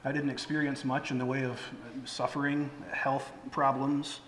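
A middle-aged pastor preaches a conversational sermon filled with fillers and restarts. His mid-range voice is a bit bright, flat in delivery and moderate in pace. The echoey hall carries faint ambience, with a little hiss or hum.

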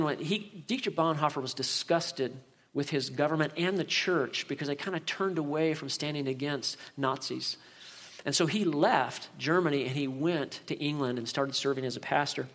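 A middle-aged male pastor preaching a sermon in an earnest way, often repeating words as he speaks. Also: on the high side.

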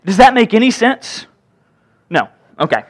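Lively high-voiced male pastor preaching. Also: measured pace. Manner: lively, joking, acts out voices while reading scripture. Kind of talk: sermon.

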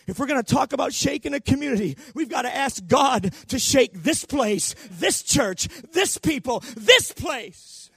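Impassioned high-voiced male preacher. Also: animated, measured pace, hardly any pauses, slightly rough, no room sound. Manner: impassioned preaching, shouting at peaks. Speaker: pastor. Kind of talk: sermon. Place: church.

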